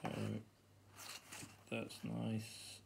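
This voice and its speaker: A British man hosting a board game unboxing, chatting casually and getting easily excited, laughing to himself. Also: fairly low pitch, extremely slow, gravelly, heavy background noise.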